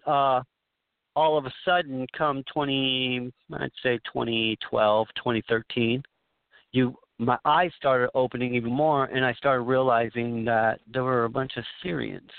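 A man's voice: medium pitch, dry recording. A man from Southern California telling a long story on a talk radio call, rambling and emphatic, with many restarts. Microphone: phone. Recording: dry tinny phone line.

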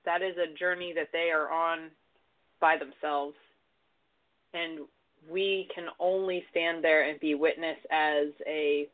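A man talking as a guest on a radio talk show, thoughtful and halting, with frequent restarts. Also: on the high side, fairly even intonation. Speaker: long-time listener guest. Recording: phone-like line.

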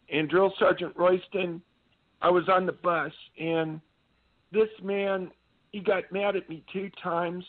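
A man, an army veteran and radio guest, telling earnest, meandering stories in a casual way. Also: high-pitched. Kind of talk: casual phone-in storytelling. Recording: tinny phone line.

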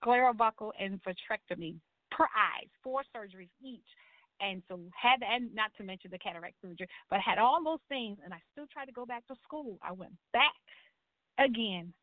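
A middle-aged woman tells her story with lively, acted-out quotes and church exclamations. Her voice sits a little high. It comes over a thin, phone-like line with a dry sound. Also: normal speed, dry recording. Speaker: guest. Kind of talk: personal testimony in a talk show.

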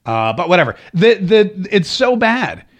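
A man's voice: high voice, very animated, a little slow. A male talk radio host delivering a political monologue, sarcastic and emphatic, repeating phrases for effect.

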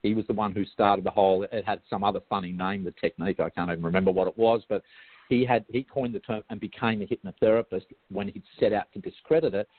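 A man's voice: lowish voice, fairly even intonation, fast, slightly rough. An Australian man, a guest hypnotherapist, explains his practice in a chatty, digressive way, often restarting and going off track. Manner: chatty, digressive, self-interrupting. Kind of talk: casual explanatory interview talk. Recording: tinny phone-like line, dry.

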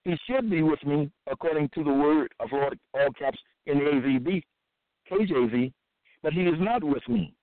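A man reads verses aloud and comments on them in a slow, halting way, full of restarts and repeated phrases. His voice sits somewhat high. The sound is thin and phone-like, with no room echo. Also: lively intonation. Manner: halting and repetitive, with many fillers and restarts. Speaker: self-styled preacher. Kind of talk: scripture-reading monologue. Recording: dry, tinny phone-like sound.

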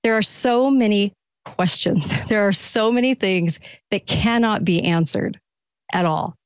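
A woman's voice: medium pitch, clean tone, no echo. Woman guest host, political radio monologue, incredulous rhetorical style, dry muffled sound. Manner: rapid rhetorical questions, incredulous.

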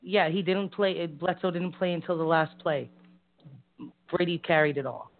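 A woman's voice: lowish voice, fairly even intonation, normal speed. A woman with a Boston-area Massachusetts accent co-hosting a casual live talk show, rambling, frank and giggly. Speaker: co-host. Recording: tinny phone-like audio.

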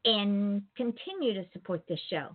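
A woman's voice: mid-range voice, big pitch swings, moderate pace, background noise. A woman with a Southern US accent hosting a casual talk show, chatty and emphatic, repeating words for emphasis. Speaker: host. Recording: phone-line call-in show audio.

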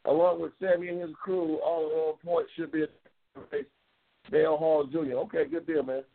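A man hosts a loose, excitable live-stream chat, circling back over his points and reading out viewer comments. His voice sits fairly high for a man. The audio is tinny and narrow, like a phone line. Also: normal speed. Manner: loose, excitable, repeats himself, bursts into high-pitched race calling. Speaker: talk show host reading viewer comments. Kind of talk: casual live-stream chat about drag racing.

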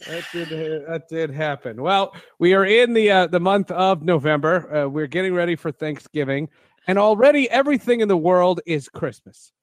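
A man's voice: sits high, animated, dry recording. A man hosting a podcast, chatting casually and joking with his co-host. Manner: joking, quick banter.

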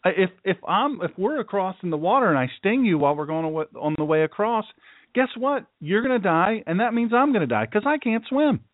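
Man doing a sly scorpion from a fable, coaxing and falsely friendly, raised higher voice, thin phone-like sound. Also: very animated, a little fast, no echo. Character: scheming smooth-talking male scorpion.

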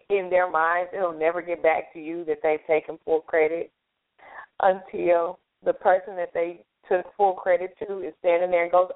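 A woman co-hosting a casual call-in talk show, telling workplace stories and acting out what coworkers say. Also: fairly low pitch. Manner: storytelling, acts out coworkers' lines. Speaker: co-host. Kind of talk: casual chat. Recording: tinny phone-line call-in audio.

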